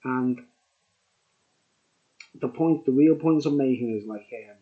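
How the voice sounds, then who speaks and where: The sound is phone-quality, and the man's mid-range voice is unhurried. A beer-reviewing vlogger who's had a few, he rambles casually to the camera, repeats himself, and keeps tagging on "mate" and "right?".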